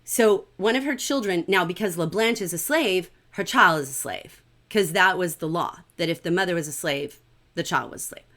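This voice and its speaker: A middle-aged woman teaching a livestreamed literature class in an animated, conversational way, often checking in with "right?". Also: lowish voice, moderate pace.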